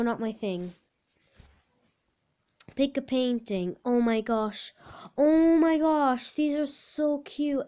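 A woman vlogging in a casual chat while doing online quizzes, thinking aloud with lots of fillers and sudden excited outbursts. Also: a little high, muffled recording. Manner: chatty, thinks aloud with many fillers, bursts into squealing outbursts.

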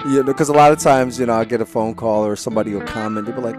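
A man's voice: mid-range voice, rapid-fire, music in the background. A man hosting a podcast interview, chatting casually and laughing often. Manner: laughs often, lively and chummy. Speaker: podcast host.

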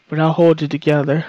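A woman doing let's play commentary, trash-talking enemies with profanity and loud whoops. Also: low voice, no echo, lo-fi sound. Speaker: gamer playing on stream. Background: game music and gunfire.

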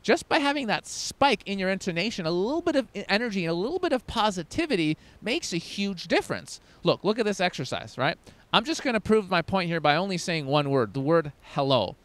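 A man in his thirties gives a dating lesson in a high, smooth voice. He talks emphatically and lets his pitch swing widely, bursting into loud demonstrations. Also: sing-song, fairly quick. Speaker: dating coach. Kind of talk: energetic coaching talk to camera.

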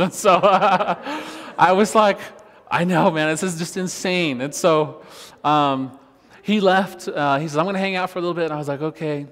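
A male worship pastor preaching a sermon, telling a personal story with lively, laughing retellings of conversations. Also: a little high, moderate pace, in a large hall. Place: church.

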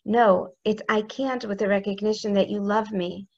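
An earnest woman gives a heartfelt spiritual talk in a flat, gravelly voice. Her tone is intimate and close. The recording sounds somewhat dull and lo-fi. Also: mid-range voice, unhurried. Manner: intimate, earnest, speaks prayers aloud. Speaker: religious teacher.

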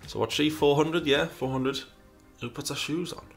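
Faint music sits behind this slightly high male voice with vocal fry, moving at a moderate pace. He's running an informal question session, voicing viewer questions, pondering his replies, and repeating himself a lot.

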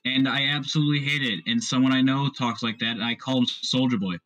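A man's voice: medium pitch, steady tone, quick pace, fairly bright tone, dull audio, soft background music. A man chatting casually on a stream, blunt and opinionated. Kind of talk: casual chat.

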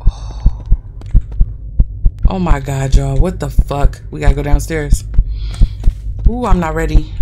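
A woman gamer giving loud, reactive commentary on horror games, swearing and calling out to viewers as y'all. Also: sits low, slow pace, pauses often, music in the background. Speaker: gaming channel host. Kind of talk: horror game let's play commentary.

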